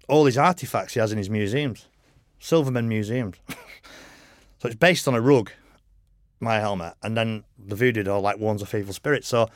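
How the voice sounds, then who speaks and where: A man's voice: lowish voice, dry recording, clean studio sound. A middle-aged man, a motorcycle racer, telling long frank anecdotes in a casual podcast interview, peppered with "you know".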